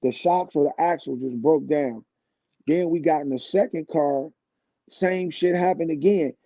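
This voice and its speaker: Gravelly and mellow, this fifty-something man's slightly high voice moves a little slowly, recorded lo-fi with no room sound. As a guest singer on a radio show, he spins a long, relaxed anecdote, often starting over mid-thought.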